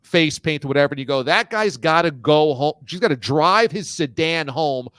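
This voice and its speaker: A man's voice: on the high side, lively intonation, normal speed, fairly bright tone, no echo. A man hosting a sports talk show, interviewing a guest in an upbeat, enthusiastic way. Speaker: radio and video show host.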